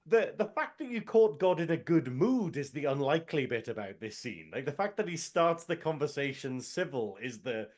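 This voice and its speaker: A man's voice: fairly high pitch, big pitch swings, normal speed, few pauses, a little mellow. A man co-hosting a casual film review podcast, chatty and wry, reading out trivia with comic timing. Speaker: podcast co-host.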